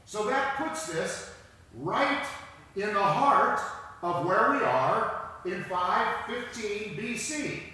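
Emphatic preacher in an echoey hall. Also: male voice, sits high, very animated, bright, forceful tone. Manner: slow and emphatic, repeating key phrases. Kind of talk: sermon with scripture reading. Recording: echoey hall with long reverb.

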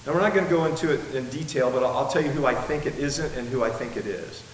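A man preaching a sermon as pastor, emphatic, slowing down to stress key words. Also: medium pitch, far from the mic. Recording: echoey room with faint hiss.

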